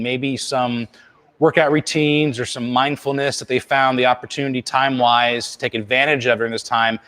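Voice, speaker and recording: A man's voice: mid-range voice, fairly bright tone. A man hosting a live TV show from Florida, chatting casually with a guest and leaning on frequent uh fillers. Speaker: TV show host.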